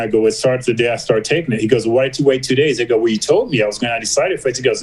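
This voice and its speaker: A man's voice: mid-range voice, racing, hardly any pauses, husky, rough recording. A middle-aged man, a podcast guest, telling a personal story in a candid conversational way and acting out his talks with doctors in quoted back-and-forth.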